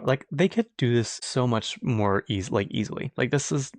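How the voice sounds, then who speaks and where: A man's voice: medium pitch, moderate pace, dry recording. A man hosting his own podcast, chatting casually and gossipily, laughing often and restarting his sentences. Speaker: podcast host. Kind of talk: casual solo podcast chat.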